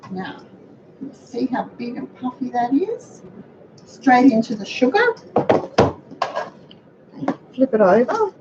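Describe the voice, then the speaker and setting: A middle-aged woman with a croaky voice, chatting to viewers while she cooks in her home kitchen. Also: high-pitched, sing-song, measured pace, long pauses. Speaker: cooking show host. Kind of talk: casual cooking demonstration. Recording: dull lo-fi audio with background noise.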